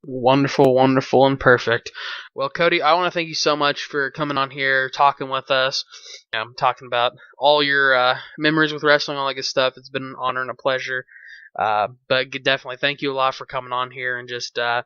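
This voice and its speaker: A man's voice: mid-range voice, fairly even intonation, brisk, pushed and bright, clear, resonant tone, no room sound. A man hosting a podcast who chats casually and rambles a little as he wraps up an interview. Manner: friendly, rambling, many fillers. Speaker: podcast host. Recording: dull, dry, lo-fi recording.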